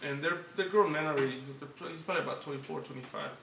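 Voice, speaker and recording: Brief: high, bright Los man, cursing storyteller, heard off-mic in an echoey room. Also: very fast, gravelly, distant mic, a little hiss or hum. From Los Angeles. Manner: profane, animated, laughing storyteller. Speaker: podcast host. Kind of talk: casual storytelling chat.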